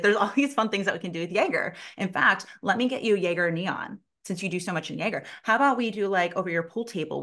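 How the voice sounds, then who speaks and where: Animated woman telling sales stories. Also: lowish voice. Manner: animated, acts out quoted voices, heavy use of "like"; blunt, swears casually. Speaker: sales consultant guest. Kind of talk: casual storytelling in an interview.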